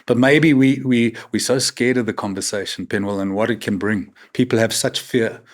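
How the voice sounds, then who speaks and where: A man's voice: fairly low pitch, fairly even intonation, moderate pace. A South African man in his fifties, a guest on a talk show, telling stories frankly and tagging his sentences with "man" and "right?". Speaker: podcast guest. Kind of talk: candid conversational interview.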